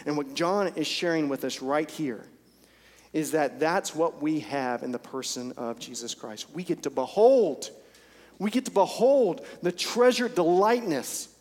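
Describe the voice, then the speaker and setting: A male pastor with a fairly high pitch and darkish tone gives an earnest, intense sermon in a church sanctuary during a service. He repeats phrases for emphasis, and the recording has a long church hall reverb.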